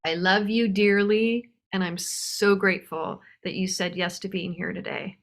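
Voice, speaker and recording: A woman hosting, introducing a guest with gushing praise, quick bursts with fillers. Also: medium pitch, steady tone. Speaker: host.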